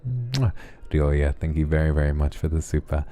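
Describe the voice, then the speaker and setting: A man hosting a soft late-night ASMR stream, gently reading viewers' messages aloud and answering them affectionately. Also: very deep voice, completely flat delivery, fairly quick.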